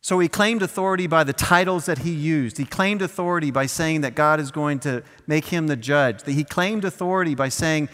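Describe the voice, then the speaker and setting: A man's voice: a little high, a little fast, few pauses, fairly bright tone. A preaching man in a reverberant hall. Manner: conversational preaching with acted asides. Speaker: pastor. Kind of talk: sermon.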